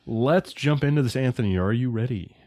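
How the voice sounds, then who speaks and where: A man's voice: mid-range voice, brisk, a little mellow, no echo. A young man co-hosting a podcast, running a quiz game with joking, theatrical game-show delivery on a close mic. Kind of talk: casual podcast banter.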